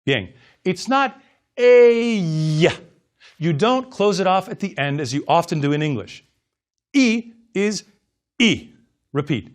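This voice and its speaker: Guy teaching a language lesson, slow and careful, kinda high voice that moves around a lot. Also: fairly bright tone. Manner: slow, careful, exaggerated enunciation for repetition drills. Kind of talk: scripted language lesson narration.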